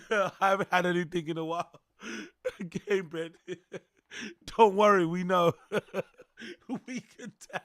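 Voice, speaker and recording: A man talks over clips in a high, lively voice, rambling and laughing easily. He sits close to the mic in a dry, dead-sounding space. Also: no echo. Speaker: streamer host. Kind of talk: casual reaction commentary.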